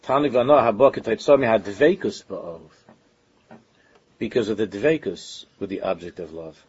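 A man's voice: on the low side, moderate pace, a little mellow, husky, lo-fi sound. A man giving an informal Torah lecture as a religious teacher, talking earnestly and conversationally and often stopping to restart his sentences.

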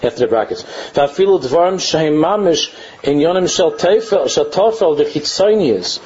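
A man giving a religious lecture, reading lines of a text and translating them, animated and often mimicking mocking children with repeated phrases. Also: a little high, moderate pace, highs cut off, a little hiss or hum. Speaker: Torah teacher.

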